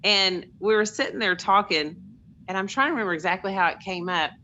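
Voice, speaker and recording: A woman's voice: medium pitch, brisk, bright, forceful tone, highs cut off, a little hiss or hum. A middle-aged woman, sharing personal stories in an earnest, chatty way on a group call. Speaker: call participant.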